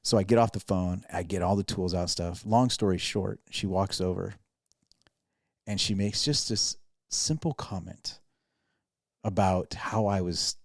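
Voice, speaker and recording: A man's voice: sits low, unhurried, dry recording, studio quality. A man, a pastor and podcast host, telling a self-deprecating story in casual chat with lots of restarts.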